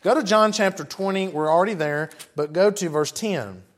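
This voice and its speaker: A man's voice: sits high, normal speed. A man preaching a sermon, reading scripture aloud and breaking off for chatty, conversational asides to his congregation.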